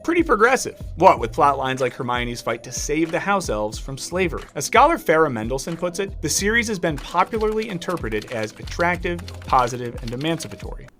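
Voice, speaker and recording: Slightly high-voiced man narrating an essay. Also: very animated, a little fast, hardly any pauses, a bit bright, soft background music. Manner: polished, analytical delivery. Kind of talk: scripted narration.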